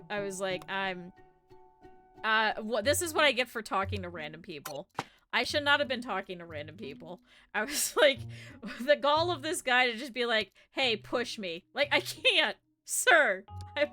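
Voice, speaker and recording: A woman streamer chats with her viewers, her voice high-pitched and very bright. She tells stories in an animated way, laughing often and swearing casually. She is on a home desk mic with faint game music playing behind her. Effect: cartoon avatar streamer, talking over game music. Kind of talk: casual storytelling to chat.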